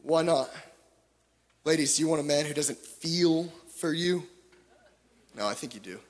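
A man preaching a sermon with passion, swinging from loud pleading to hushed tones, with joking asides. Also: a little high, animated, measured pace. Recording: long hall reverb.

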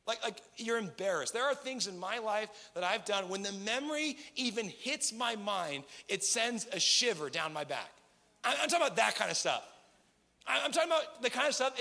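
Thirties guy preaching, real high bright voice, gets fired up, long echo from a big hall. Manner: passionate, conversational preaching with rising emphatic peaks. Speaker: pastor. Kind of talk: sermon.

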